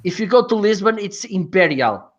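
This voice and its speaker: A man's voice: sits high, sing-song, moderate pace. Hesitant man from Portugal, muffled audio. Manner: searches for words, hesitant, many restarts. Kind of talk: casual group chat on a video call.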